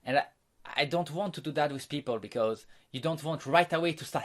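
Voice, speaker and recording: A man's voice: a little high, fairly quick. A man coaching an online course on social skills. He explains patiently, guiding listeners through exercises and demonstrations. His talk is loose and unscripted, full of fillers and restarts.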